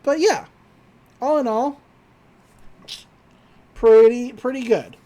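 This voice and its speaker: A woman's voice: fairly high pitch, takes it slowly, mellow. A woman co-hosting a podcast, chatty as she recaps a cartoon episode, laughing often and using plenty of fillers. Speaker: podcast co-host.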